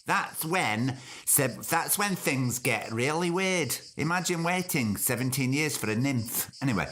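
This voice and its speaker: A man's voice: mid-range voice, animated, unhurried, a bit bright, a little hiss or hum. A man hosting a show, reading news stories aloud and breaking in with sarcastic, mocking asides. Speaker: host.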